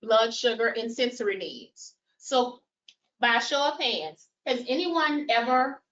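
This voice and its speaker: A woman with a slightly high voice leads a caregiver training session. She moves briskly through points and checks in with the audience. The recording sounds dull and lo-fi. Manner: animated, quizzes audience with show of hands. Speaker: workshop presenter. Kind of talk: live training workshop.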